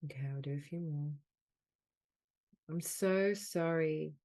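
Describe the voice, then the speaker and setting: A woman with a low, warm voice leads a guided healing session over a video call. She speaks in slow, soothing phrases and repeats each one gently. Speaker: soul mentor leading a group call.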